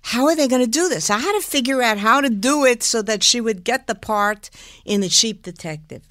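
An older woman, an impressionist and singer, telling animated stories in an interview, laughing often and slipping into impressions. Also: on the high side, a little fast, dry recording, studio quality. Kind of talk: lively storytelling in a talk interview.

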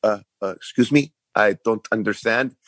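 A man imitating a young French-speaking woman with a French-Canadian accent who talks in halting, broken English. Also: lowish voice, dry recording. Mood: earnest, confused.

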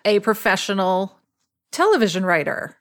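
A woman's voice: medium pitch, very animated, normal speed. Woman podcast host praising her guest. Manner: admiring, warm praise of guest. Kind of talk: interview chat.

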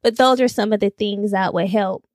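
A woman chatting on a podcast, telling an animated story full of quoted dialogue and casual swearing. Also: medium pitch, moderate pace, no room sound, studio quality. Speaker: podcast guest. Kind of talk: casual chat.

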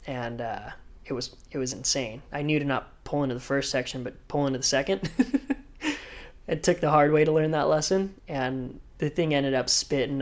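A man telling a story in casual chat, animated, acting out quotes and laughing. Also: medium pitch. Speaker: guest surfer.

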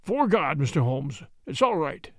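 A burly, bullying baronet who thunders his words in a high, swooping voice, as a man acts him out. He sounds like a storybook villain. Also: sing-song, a little slow, no echo, clean studio sound. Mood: grudging. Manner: thundering, blustering. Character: angry burly middle-aged male baronet, bullying.

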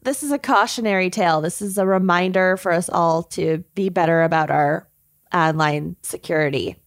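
A woman's voice: fairly low pitch, normal speed, dry recording, studio quality. A woman co-hosting a casual podcast, reading listener confessions aloud, laughing often and swearing casually. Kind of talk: casual chat.

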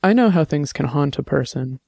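A man voicing a gentle young man who talks steadily and reassuringly, with a light joking touch. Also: a little high, lively intonation, a little fast, gravelly, breathy edge, no room sound, clean studio sound, heavily acted. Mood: tender, reassuring.

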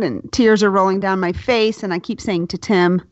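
A young woman telling a personal story in casual chat, candid and lively, swearing freely. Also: mid-range voice, normal speed, dry recording. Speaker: guest telling her birth story. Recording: dull, dry sound.

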